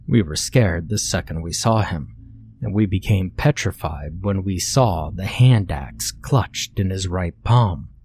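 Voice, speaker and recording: Man in deadpan story narration. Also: sits low, a little hiss or hum. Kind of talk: scripted horror-comedy narration.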